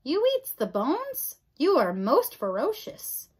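A woman voicing a loud, simple servant girl who talks bluntly and ungrammatically. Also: high-pitched, huge pitch swings, takes it slowly, full character voice.

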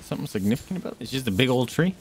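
A man streaming a video game live, reacting excitedly to what happens and chatting with his viewers. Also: medium pitch, very fast, a little hiss or hum.

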